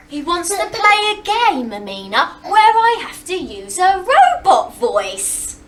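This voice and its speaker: A woman teacher gently coaxing young children to blend sounds in a classroom, heard from a distance. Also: very high-pitched, wildly swooping pitch, slow pace, few pauses, background noise. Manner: gentle, encouraging, sounds out words. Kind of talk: phonics lesson with young children.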